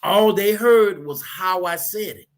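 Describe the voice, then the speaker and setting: A man in casual talk, animated, acting out the people he quotes as he tells stories. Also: high voice, a little slow. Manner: animated storyteller, acts out quotes.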